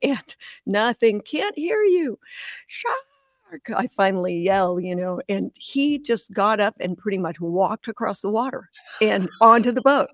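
A woman guest in an interview, telling an animated sailing and snorkeling story with frequent laughs. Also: medium pitch, moderate pace, dry recording, clean studio sound. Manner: animated storyteller, laughs often, acts out voices. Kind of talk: storytelling in casual conversation.

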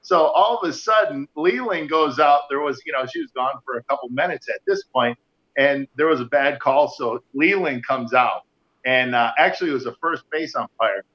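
A man's voice: medium pitch, lively intonation, moderate pace. A man telling a chatty anecdote in a casual sports talk show. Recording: dull lo-fi sound.

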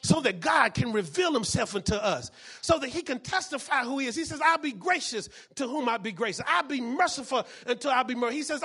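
With a very high-pitched voice, a male pastor preaches, frequently shouting and repeating phrases while calling out to the congregation for responses.

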